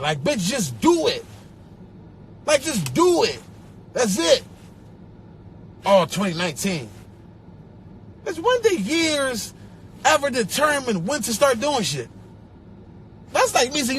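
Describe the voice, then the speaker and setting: Philly man, high lively voice, profane livestream rant, phone mic with faint noise. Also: takes it slowly, pauses often. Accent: Philadelphia. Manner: animated, profane, mocking others in a put-on voice. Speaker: social media personality.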